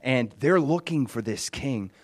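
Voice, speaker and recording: A man giving a casual Bible teaching, retelling the story in a conversational, animated way with frequent fillers. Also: medium pitch, a little slow.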